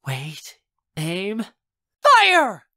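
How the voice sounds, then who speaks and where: A man's voice: on the high side, lively intonation, takes it slowly. Puppy, a man reading a blunt teen girl. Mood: urgent shouting. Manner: frank, scolding, then urgent.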